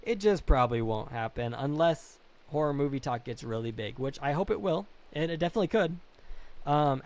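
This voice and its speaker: A young man live-streaming and chatting casually, reading comments, rambling and apologizing a lot at his own expense. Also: mid-range voice. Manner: self-deprecating, rambling, apologetic.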